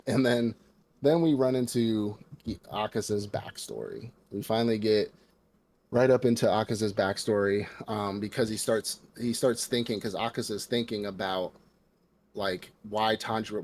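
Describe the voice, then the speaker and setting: Man, American accent, lowish voice, casual podcast chat, animated retelling, lots of "like". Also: normal speed, slight background noise. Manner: animated retelling with acted quotes, heavy filler "like". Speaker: podcast co-host.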